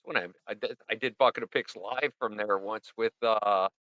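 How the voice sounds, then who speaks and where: Upbeat rambling middle-aged man, bright voice. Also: fairly even intonation, normal speed, no echo. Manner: rambling, upbeat, punctuates with "boom". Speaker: livestream host. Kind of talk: casual livestream chat reviewing viewer art. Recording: dull lo-fi stream audio.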